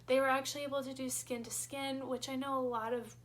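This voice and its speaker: A young woman vlogger telling her personal birth story in a halting, emotional way, close to tears at times. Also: high voice, level tone, slight background noise.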